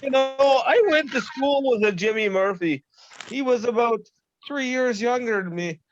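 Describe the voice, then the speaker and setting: A man's voice: extremely high pitch, normal speed, no room sound. A man co-hosting a podcast, teasing and swearing bluntly in casual banter over a call. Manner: blunt, combative, swears a lot. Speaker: podcast co-host. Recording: dull lo-fi call audio.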